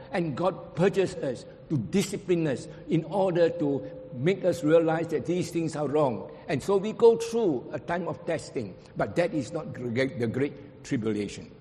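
A man's voice: on the high side, a little mellow. Man preaching in an echoing hall. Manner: emphatic, quotes scripture in archaic phrasing. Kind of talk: sermon. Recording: long hall reverb.

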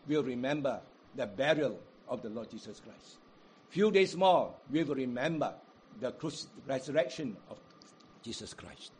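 Male preacher, high husky voice, measured delivery, dramatic quotes. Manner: dramatic quoting of crowds, rising and falling emphasis; sings hymn unaccompanied. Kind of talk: sermon.

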